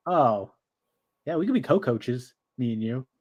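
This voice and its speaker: A man's voice: mid-range voice, animated, measured pace, darkish tone, muffled recording. Joking man talking sports. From United States. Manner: joking, rambling with fillers. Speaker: sports podcast co-host. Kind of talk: casual sports chat.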